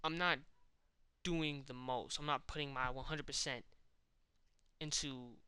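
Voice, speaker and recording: Bright, clear-voiced young man musing. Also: medium pitch, steady tone, measured pace, dry recording. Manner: candid, slangy, self-reflective. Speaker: vlogger. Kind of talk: casual personal monologue.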